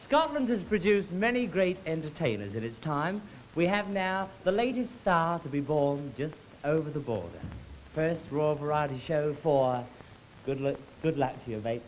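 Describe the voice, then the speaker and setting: A man announcing the next act at a variety show, brisk and informal. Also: a little high, expressive. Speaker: announcer introducing acts. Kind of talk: stage introduction. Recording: noisy live recording.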